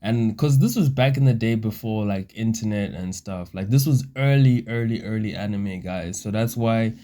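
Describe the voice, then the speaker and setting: A man's voice: lowish voice, moderate pace, warm tone. A man co-hosting a casual chat, reacting to the story and rambling with fillers. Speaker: co-host.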